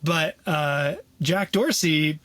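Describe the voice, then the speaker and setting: Young guy on a podcast telling a story, kinda high voice, says like a lot, super dry close mic. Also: drawn-out words, dry recording. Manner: animated, leans on "like" and "you know". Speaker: podcast guest, photographer. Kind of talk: casual storytelling interview.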